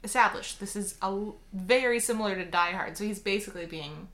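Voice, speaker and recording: A woman co-hosting a casual movie review podcast, animated and acting out her reactions. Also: medium pitch, fairly quick. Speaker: podcast co-host.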